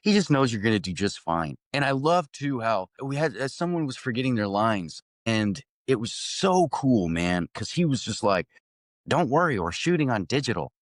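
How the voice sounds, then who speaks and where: A man's voice: mid-range voice, very animated, normal speed, hardly any pauses, dry recording, studio quality. A young adult man, an actor guest, telling a story casually and animatedly, laughing often and restarting sentences.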